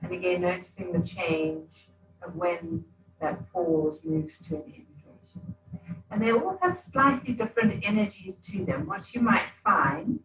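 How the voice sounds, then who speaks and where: A woman's voice: on the low side, a bit bright, far from the mic, a little hiss or hum. Soothing woman guiding yoga breathing. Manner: slow, soothing guidance. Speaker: yoga teacher. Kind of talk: guided breathing instruction. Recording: echoey room.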